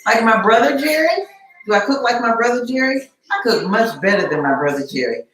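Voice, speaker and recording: A woman's voice: on the high side, expressive, a little fast, a bit bright. A middle-aged woman hosting a casual live cooking stream from her home kitchen, teasing and chatting with viewers by name. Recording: echoey kitchen.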